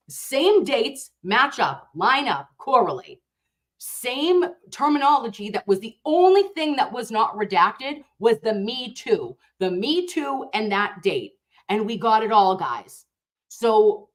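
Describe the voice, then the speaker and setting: Outspoken woman livestream host, nurse by trade; blunt, profane, passionate, quick to outrage while she reads the chat. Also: medium pitch, sing-song. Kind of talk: casual livestream chat reading viewer comments.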